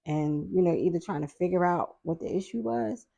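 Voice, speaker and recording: A middle-aged woman guest on a podcast, telling a family story in a casual, animated way and acting out the voices of people she quotes. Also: fairly low pitch, normal speed, vocal fry, husky, dull audio.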